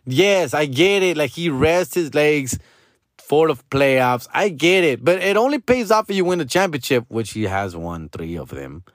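A man's voice: fairly high pitch, sing-song, normal speed, no room sound, studio quality. A man gives a profane, slangy sports rant to the camera and keeps calling the listener dog or fool. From Los Angeles. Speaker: sports fan vlogger. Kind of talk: casual ranting monologue.

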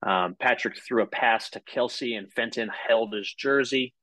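A man's voice: mid-range voice, unhurried, pushed and bright, no room sound, low-quality recording. A man co-hosting a casual sports podcast, talking in a loose, rambling way full of "like" and "uh" and swearing freely. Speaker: podcast co-host.

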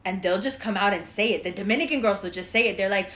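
A young woman in casual chat with friends, telling an animated story full of "like" fillers, acting out quotes and laughing often. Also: mid-range voice, quick pace.

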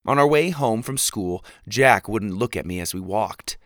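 A man narrating a storybook in the first person with an expressive delivery. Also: fairly low pitch, a little slow, no echo, clean studio sound. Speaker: audiobook narrator.

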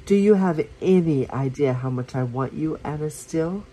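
A woman voicing a soft-spoken seductive male lover. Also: deep voice, moderate pace, low-quality recording. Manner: soft and murmuring.

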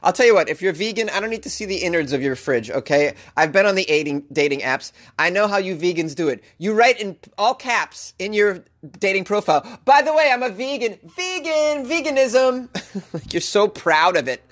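A man with a slightly high voice rants through odd news items in a comic commentary show. He is sarcastic and animated, jumping into mock voices as he riffs. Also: fairly quick. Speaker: podcast host.

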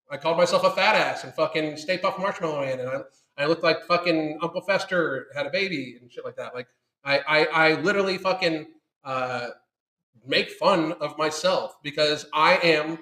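Man, ranting live host, swears constantly, slightly high voice, echoey room. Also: sharp tone. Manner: blunt, ranting, heavy swearing. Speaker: livestream host answering viewer questions. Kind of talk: casual profane live chat.

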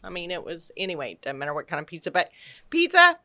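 A middle-aged woman from Texas telling an animated personal story on a podcast, acting out quotes and restarting her sentences. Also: deep voice, very fast. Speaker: podcast guest. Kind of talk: casual storytelling.

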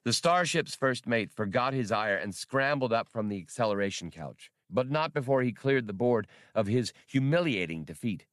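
A man narrates a novel for an audiobook in an expressive storytelling manner. His pitch moves in a lively way through the sentences, while his middle register stays steady. The recording is dry and close. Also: moderate pace, hardly any pauses, no echo.

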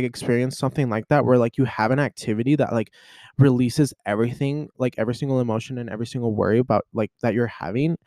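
Here the same kind of podcast host, a man in his twenties, talks alone in a chatty, wandering way, leaning on fillers like "like" and "you know." His voice is a little mellow, though he vents emotionally with abrupt leaps in pitch. It's studio quality with no room sound.

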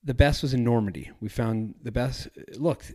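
A man's voice: medium pitch, moderate pace, a little mellow. A man hosting a travel podcast, chatting casually in a rambling, self-correcting way. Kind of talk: casual solo podcast talk.

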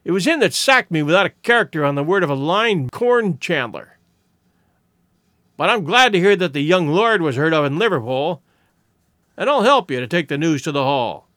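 A man voicing a surly, heavy-set male country innkeeper who speaks gruffly and grudgingly in an audiobook reading. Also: a little high, big pitch swings, normal speed, a bit bright, dry recording, clean studio sound.

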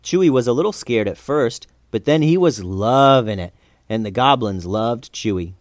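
A man narrating a children's adventure story in an expressive reading voice. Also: medium pitch, normal speed, no room sound, studio quality.

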